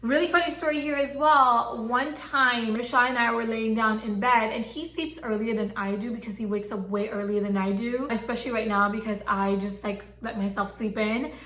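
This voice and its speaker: A young pregnant woman vlogs casually to her viewers, chatty and gushing with plenty of fillers. Her fairly bright voice sits on the high side with fairly even intonation, a moderate pace and few pauses. She's talking to camera in an echoey room.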